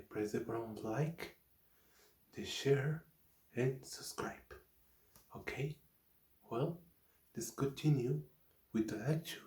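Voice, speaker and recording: A man whose first language is Spanish, hosting his channel and reading a novel aloud as an ASMR read, careful and halting, often correcting himself. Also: medium pitch, dark tone, reverberant.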